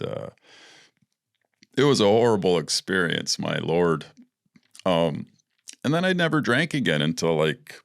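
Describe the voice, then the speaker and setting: Brief: man, very low voice, podcast host, casual profane storyteller, dry close sound. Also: vocal fry, no room sound. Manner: blunt and profane, laughing through his stories.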